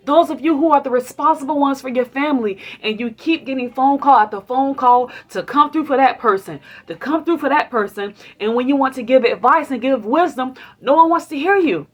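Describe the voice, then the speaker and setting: High-voiced woman giving a faith talk. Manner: preachy and conversational, asks the audience questions; acts out quoted complaints and affirmations. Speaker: host.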